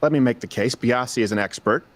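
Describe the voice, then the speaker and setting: A man's voice: medium pitch, fast. A man hosting a political commentary show, speaking emphatically in scripted narration and putting rhetorical questions to his audience.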